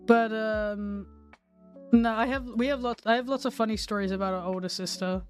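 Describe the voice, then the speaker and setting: A woman's voice: fairly high pitch, fairly even intonation, normal speed. A young woman chatting casually, blunt and sweary, often laughing. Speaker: co-host. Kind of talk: casual chat. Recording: faint music behind.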